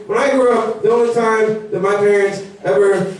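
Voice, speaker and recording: A young man doing a stand-up comedy set. He talks in a rambling, animated way and mocks people in put-on voices. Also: sits high, normal speed. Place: comedy venue. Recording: very echoey room, mic far off.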